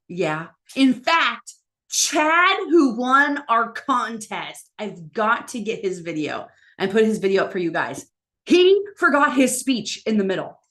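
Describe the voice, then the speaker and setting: A woman coaching public speakers in a live online session, talking emphatically and encouragingly. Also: mid-range voice. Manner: energetic, acts out quoted lines in different voices.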